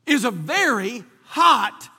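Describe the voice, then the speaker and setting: A man's voice: very high-pitched, big pitch swings, slow, sharp tone, slightly rough, long reverb tail. A man from North Carolina, preaching a sermon and telling a folksy personal story with many restarts. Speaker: pastor.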